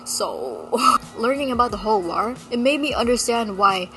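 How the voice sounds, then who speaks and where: A woman's voice: fairly high pitch, a little fast, a bit bright, slight background noise, poor audio. A woman with an American accent, a touch of Malaysian in it, talking in a blunt, sarcastic, ranting vlog style and swearing freely. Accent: American with a slight Malaysian tinge. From Philippines. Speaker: vlogger. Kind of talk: casual talking-head vlog.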